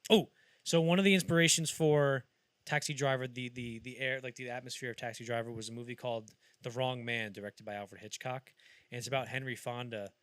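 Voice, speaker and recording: Rambling man with a bright voice. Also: fairly even intonation, brisk, clean tone, no room sound. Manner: rambling, acts out scenes in loud high voices. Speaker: podcast co-host. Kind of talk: casual film discussion.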